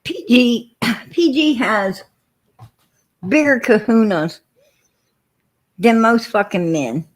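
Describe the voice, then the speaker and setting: Slow-talking blunt woman streamer. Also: on the high side, expressive. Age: adult with four kids. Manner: blunt, profane storytelling. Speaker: livestream host. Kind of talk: casual livestream talk.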